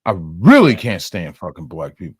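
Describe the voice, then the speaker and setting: A man's voice: sits low, wildly swooping pitch, normal speed, crowd noise. An angry young man ranting in a profane commentary, reacting to clips and swearing constantly.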